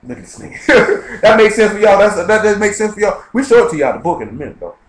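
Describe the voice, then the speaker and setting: A man leading an informal Bible study sermon, quoting scripture rapidly and checking in with his listeners. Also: sits high, sing-song. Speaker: preacher. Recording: echoey live-streamed room.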